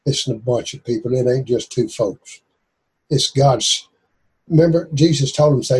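A man's voice: mid-range voice, measured pace, darkish tone, slightly rough, low-quality recording. A man preaching fervently and emphatically to a Bible study group. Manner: exhorting, emphatic. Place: church group room.

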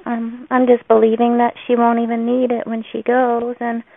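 A woman's voice: a little high, completely flat delivery, normal speed, gravelly. A woman caller with a northern US accent making a prayer request, hesitant and full of "um"s. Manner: hesitant, many "um"s. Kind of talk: casual prayer request on a call. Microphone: phone on a conference call. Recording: tinny phone line.

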